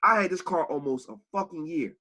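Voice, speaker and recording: Male podcast co-host, bright husky voice, very lively pitch, heated and profane. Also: brisk. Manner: animated, profane, rises to shouts when angry. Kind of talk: heated casual podcast talk.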